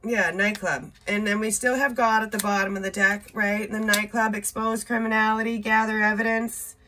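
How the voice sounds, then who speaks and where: A woman's voice: medium pitch, level tone, moderate pace, pushed and bright, a little hiss or hum. A woman doing a casual tarot reading, reading card words aloud in short bursts, blunt and swearing now and then. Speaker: tarot reader.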